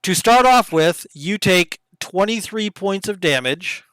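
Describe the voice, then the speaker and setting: A man running a tabletop game as game master, narrating combat in lively detail with the odd hushed aside. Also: sits high, a little slow, smooth, no echo, low-quality recording.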